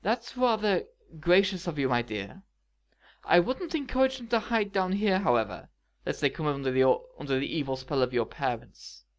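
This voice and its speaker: A theatrical female sorceress villain sneers and scolds with grand, dramatic flair, as a male reader puts her on. The voice sits a touch high and leans into every flourish, in a storybook-style reading. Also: sing-song, normal speed. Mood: sweetly false. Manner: dramatic, sneering, rising to fury. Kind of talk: audiobook reading of fan fiction.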